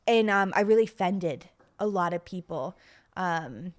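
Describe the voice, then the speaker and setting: A woman's voice: lowish voice, lively intonation, a little slow. A woman co-hosting a casual podcast, chatty and giggly, often poking fun at herself, with a slightly stuffy nose. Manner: giggly, self-deprecating, chatty. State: pregnant, runny nose. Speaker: podcast co-host. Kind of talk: casual chat.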